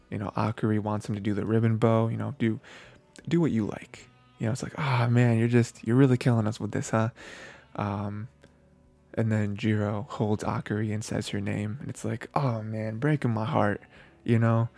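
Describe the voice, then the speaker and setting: A man hosting an anime podcast, recapping an episode in a rambling casual way, with lots of fillers and soft laughs. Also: fairly low pitch, creaky, no echo.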